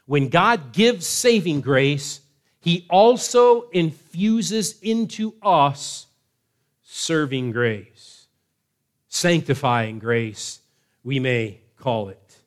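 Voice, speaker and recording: A man preaching a sermon in a measured way, slowing down to stress key words. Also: a little high, animated. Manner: measured preaching, slows for emphasis. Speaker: pastor.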